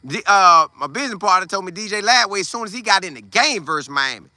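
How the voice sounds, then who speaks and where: A man hosting a casual football commentary show, talking in an animated, slangy way. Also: sits high, fast talker, no room sound. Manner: animated, trash-talking, Southern Black vernacular slang. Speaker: sports podcast host.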